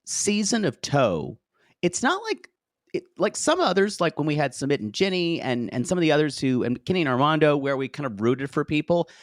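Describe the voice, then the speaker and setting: A man gossips in an animated way as co-host of a reality TV podcast, often breaking into giggles. His pitch swings widely. The recording is dry and close. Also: a little fast, no echo. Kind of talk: casual chat.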